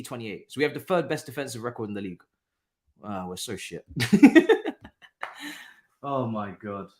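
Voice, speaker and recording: A young man hosting a casual live football watchalong, talking in an animated, repetitive way with lots of slang and laughter. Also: mid-range voice. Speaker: watchalong host. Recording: roomy echo.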